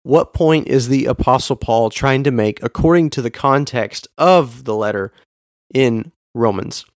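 Man, podcast host, earnest teaching tone, punches key words, mid-range pitch, dry close sound. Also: unhurried, dry recording. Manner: earnest, stresses words for emphasis. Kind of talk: scripted teaching monologue.

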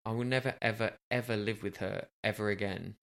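A man's voice: lowish voice, steady tone, a little fast, gravelly, a bit bright. A man co-hosting a casual podcast chat, teasing and jokey, rambling with plenty of fillers. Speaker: podcast co-host.

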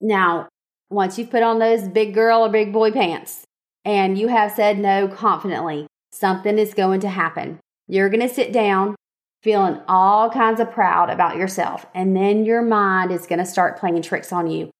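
A woman's voice: mid-range voice, a little slow. A woman hosting a solo podcast, giving upbeat and encouraging advice in a chatty way. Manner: upbeat, encouraging, chatty with frequent "okay?" and "y'all". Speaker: podcast host, photographer.

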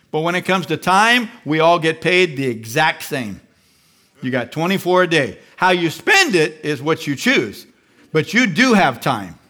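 A man preaching a sermon with animated delivery, often acting out the inner voices he describes. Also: on the high side. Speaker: pastor.

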